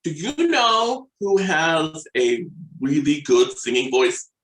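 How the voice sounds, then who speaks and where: A bright, fairly high man's voice with a roomy echo around it. He chats eagerly, working from his notes and trailing off as he searches for the next point. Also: big pitch swings, slow. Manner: enthusiastic, checks his notes, trails off mid-thought. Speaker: podcast co-host. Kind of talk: casual chat.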